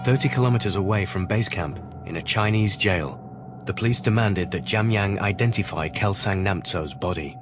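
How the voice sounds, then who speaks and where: Deep-voiced male documentary narrator over music. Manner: measured, even storytelling. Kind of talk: scripted narration.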